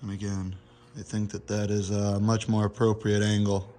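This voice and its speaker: Hoarse young man explaining his car build. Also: fairly low pitch, monotone, moderate pace, warm tone, a little hiss or hum. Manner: casual, explanatory, occasional swearing. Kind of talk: casual how-to narration. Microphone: phone.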